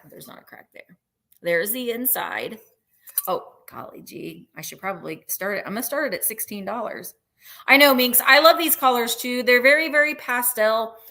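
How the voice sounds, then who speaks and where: A woman's voice: on the high side, bright, forceful tone. A woman hosting a live online vintage sale, chatting in a rambling way about each item and counting down the bids. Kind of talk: live online sales chat.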